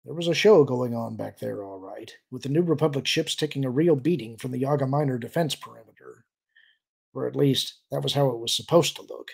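A man reading a science-fiction novel aloud as a steady audiobook narrator. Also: mid-range voice, a little fast, vocal fry, breathy edge. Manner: steady storytelling delivery. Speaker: audiobook reader. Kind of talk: scripted narration.

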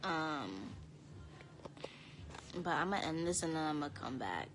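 A tired young woman chatting casually to viewers on a phone live stream from home, talking in a drowsy, low-energy way. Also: very animated, unhurried, noisy background. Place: home, indoors.

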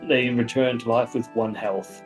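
An Australian man with a middle-pitched voice, explaining things plainly and slipping in dry jokes. Faint music plays under him. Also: steady tone, moderate pace. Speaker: player on the podcast. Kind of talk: casual chat.

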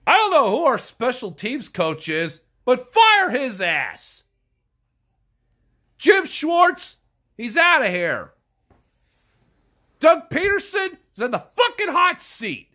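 Speaking slowly with long pauses, the vlogger's high voice swings hugely in pitch as they furiously yell and swear about their team. Their nose sounds blocked from a cold during this angry, profane rant.

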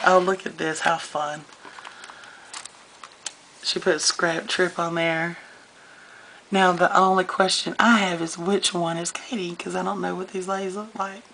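A woman talks slowly through a casual show-and-tell vlog, gushing and getting a little choked up. Her voice is low and gravelly and stays fairly flat. A faint hiss sits behind her. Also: rough recording. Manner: gushing, chatty, easily moved. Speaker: scrapbooking vlogger.

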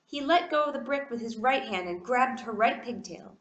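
A woman reading a children's storybook aloud with expressive delivery. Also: a little high, normal speed, reverberant. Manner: expressive, animated. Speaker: reader.

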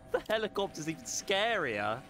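A tired young man chatting casually as a sim racing streamer, relaxed and rambling with frequent chuckles. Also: medium pitch, noisy background. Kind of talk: casual live stream chat.

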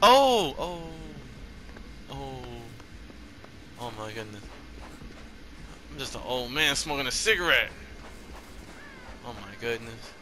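A man hosting his gaming channel, giving casual gameplay commentary with loud, excitable, repeated exclamations. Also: mid-range voice, slow pace, long pauses, background noise. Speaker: gaming YouTuber host.

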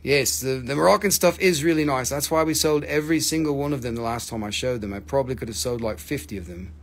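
A man hosting a live stone sale stream, joking and rapidly reading out prices and item codes. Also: medium pitch. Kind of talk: live stream sales chat.

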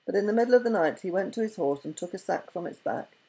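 A woman narrating a storybook tale in a gentle, unhurried reading. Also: medium pitch, expressive, husky, poor audio.

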